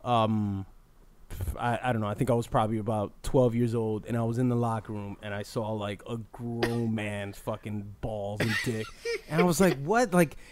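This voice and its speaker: A man co-hosting a comedy podcast, chatting casually with quick, profane wit. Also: fairly low pitch, a crowd in the background. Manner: quick-witted, laughing, profane. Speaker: podcast co-host.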